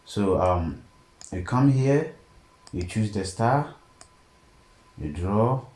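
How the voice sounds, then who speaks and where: A man teaching a design software tutorial step by step and often checking in with "okay?". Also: fairly low pitch, drawn-out words. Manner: steady step-by-step explaining, frequent "okay?" check-ins. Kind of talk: screen-recorded tutorial narration. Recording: echoey room, faint background noise.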